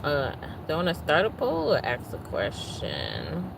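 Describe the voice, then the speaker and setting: A woman hosts a casual livestream, venting and greeting viewers one by one. She talks slowly in a lowish voice. Clear traffic noise from outdoors runs under her. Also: wildly swooping pitch. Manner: chatty, vents and greets viewers by name. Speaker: livestream host.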